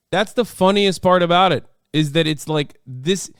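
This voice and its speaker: A man's voice: sits high, a bit bright, clear, resonant tone, dry recording, clean studio sound. A man hosting a livestream, reacting in casual, profane and incredulous commentary. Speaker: livestream host.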